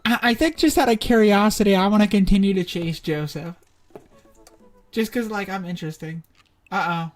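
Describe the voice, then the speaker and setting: A woman's voice: medium pitch, moderate pace, soft background music. Chatty woman rambling over a game. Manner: chatty, rambling, with many fillers and laughs. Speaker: streamer playing a visual novel. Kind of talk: casual let's-play commentary.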